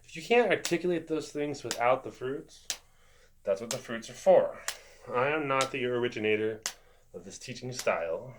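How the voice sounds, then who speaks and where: A man teaching a music rhythm lesson, chanting fruit names in steady beats and adding chatty asides to his viewers. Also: mid-range voice, moderate pace. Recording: noisy home recording.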